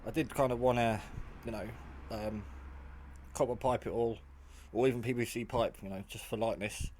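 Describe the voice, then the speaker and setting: A tired, half-asleep hobbyist maker rambles while building in his home workshop for a casual build vlog, full of fillers and restarts. His voice is medium-pitched, fairly even, a little mellow, at a normal speed. Faint background noise and clicks sit under the recording.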